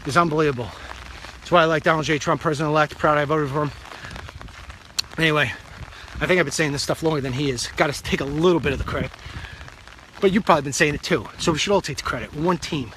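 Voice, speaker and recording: A man's voice: fairly high pitch, quick pace, long pauses, sharp tone, a little hiss or hum, poor audio. A middle-aged man hosting a live talk, telling a long story in a chatty, digressive, self-deprecating way into a phone. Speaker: talk show host.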